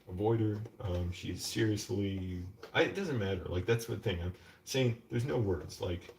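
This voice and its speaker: A man ranting at home in a live stream, telling a long story with many fillers and restarts. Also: lowish voice. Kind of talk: casual rambling rant. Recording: distant mic with faint background noise.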